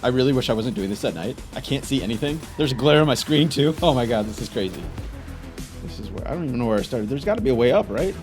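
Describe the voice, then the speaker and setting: A man's voice: medium pitch, animated, fast, a little mellow, faint music behind. A young man giving frantic, frustrated commentary while playing a game. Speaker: gaming YouTuber. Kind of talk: gameplay commentary.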